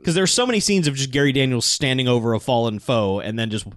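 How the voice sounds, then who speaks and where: A man in a casual movie chat tumbles through a retelling of an action scene, full of "like" and quick laughs. His voice sits in the middle of the male range. It is recorded close and dry, with no room sound. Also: mid-range voice, no room sound. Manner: animated retelling, lots of "like", laughs often. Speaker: podcast co-host.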